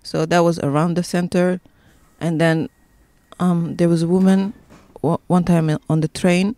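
A woman's voice: on the low side, flat delivery, unhurried, dark tone, no echo. A woman recounting her experiences in a casual interview, talking loosely with many fillers. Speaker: interviewee, city resident.

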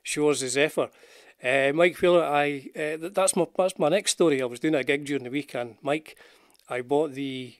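A man's voice: on the high side, normal speed, few pauses, no room sound, clean studio sound. An older man with a Scottish accent, rambling about guitars in casual live-stream chat with his viewers. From Scotland. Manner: rambling, chatty, self-deprecating, greets viewers in the chat. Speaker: guitar channel host. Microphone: wearing headphones with a desk mic.

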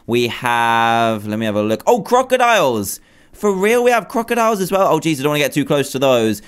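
Excitable man gushing over game animals. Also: medium pitch, a little fast, smooth. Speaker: gaming video host. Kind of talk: let's play commentary.

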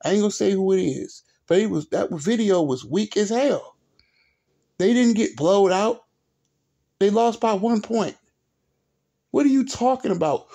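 A man's voice: sits high, animated, measured pace, long pauses, warm tone. A man hosting a sports vlog, ranting in an exasperated, repetitive, profane way with speech. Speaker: sports video host.

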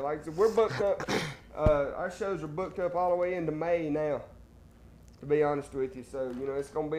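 A man's voice: a little high, darkish tone, a little hiss or hum. Drawling man hosting a call-in show. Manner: laughs often, drawling. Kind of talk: casual call-in banter.

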